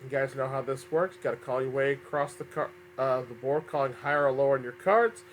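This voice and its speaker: A man's voice: medium pitch, brisk, a little hiss or hum. A man hosting a fan-made game show, upbeat but often stumbling and correcting himself, a little under the weather.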